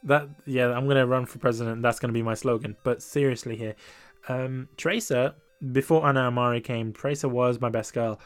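A young man hosting a casual podcast, talking in an animated, laughing way and often repeating himself. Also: medium pitch, fairly quick, few pauses, soft background music. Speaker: podcast host. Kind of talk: casual gaming podcast chat.

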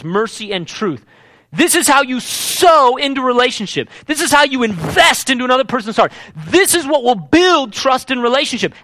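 A man's voice: high voice, pushed and bright, no room sound. A man preaching a sermon as pastor, emphatic and repeating key words for weight.

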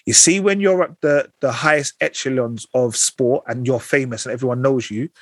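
A man in a fast, animated casual chat, using street slang. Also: mid-range voice, dry recording.

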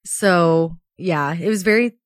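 A woman's voice: on the low side, slow pace, no room sound, clean studio sound. A young woman co-hosting a podcast in casual chat, emotional and laughing often as she talks. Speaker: podcast co-host.

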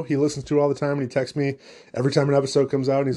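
Rambling, jokey young man with a mellow voice. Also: medium pitch, little pitch movement, very fast. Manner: jokey, rambling, self-deprecating. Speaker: podcast host. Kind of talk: solo comedic podcast rambling.

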